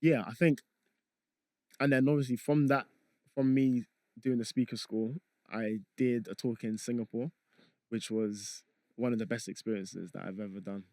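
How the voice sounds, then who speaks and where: A young man talking as a guest on a podcast, relaxed and rambling, with frequent fillers. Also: mid-range voice, normal speed, no room sound. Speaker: guest, content creator. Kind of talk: casual podcast chat.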